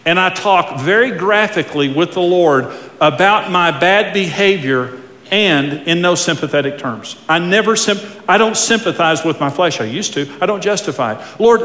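A man preaching a sermon with emphatic delivery, swinging from hushed asides to loud bursts. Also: high-pitched, lively intonation, normal speed, roomy sound, big-room sound. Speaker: pastor.

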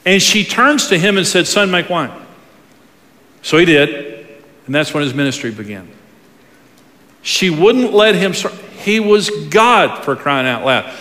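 A man preaching a sermon, telling stories with lively pacing and acting out the voices of the people he quotes. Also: fairly high pitch, measured pace. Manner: animated storytelling, acts out quoted voices. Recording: long reverb of a large hall.

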